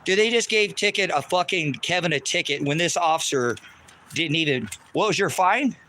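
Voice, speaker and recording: Swearing constantly and going in circles, a male livestreamer vents his anger outside, recorded by a handheld phone. The voice is fairly high, animated and bright with a forceful tone, moving at a moderate pace, with slight hiss or hum.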